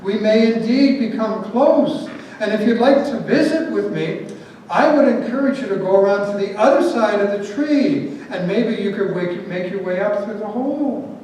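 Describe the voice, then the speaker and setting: A crafty male rooster in a fable, courteous on the surface and shrewd underneath, as a man puts him on. His fairly high voice rings through a very echoey space from some distance. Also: normal speed, a little mellow, lightly acted. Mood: polite, cunning. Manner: politely cunning reply. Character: clever male rooster, polite but wary. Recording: very echoey, distant, faint noise.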